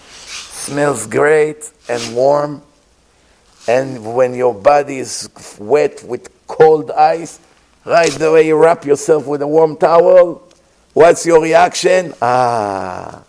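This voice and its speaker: A man giving a sermon as a rabbi, telling a story with pauses and acted-out sounds. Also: on the high side, darkish tone.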